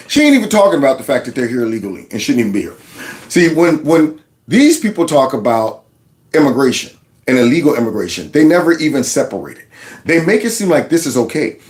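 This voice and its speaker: A man hosting casual political commentary, talking in an animated, mocking way and laughing often. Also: on the high side, a little fast. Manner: quotes others in a mock voice. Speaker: commentary host.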